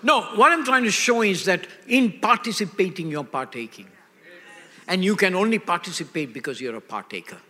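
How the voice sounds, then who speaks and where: A man's voice: high voice, animated, brisk, pushed and bright. Emphatic older male preacher in an echoey hall. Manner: emphatic, call-and-response questions. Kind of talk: sermon.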